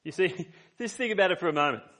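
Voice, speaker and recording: A man's voice: sits high, animated, fast talker, sharp tone. A man preaching a sermon as a pastor, reading scripture and telling personal stories in an earnest, conversational way.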